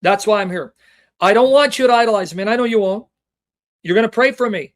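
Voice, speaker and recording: Talking fast in a voice that sits high, a Bible teacher and show host leads a livestream with passion and emotion. He addresses viewers head-on, reads scripture references out loud and throws rhetorical questions at them.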